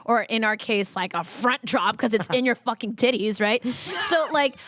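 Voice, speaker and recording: A woman co-hosting a casual podcast chat, excitable and profane, laughing as she talks. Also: a little high, moderate pace, very noisy. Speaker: podcast co-host.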